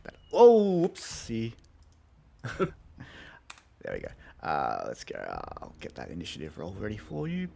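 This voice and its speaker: A man running a tabletop game as game master, narrating chattily with many ums and pauses. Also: lowish voice, wildly swooping pitch, vocal fry, warm tone, slight background noise.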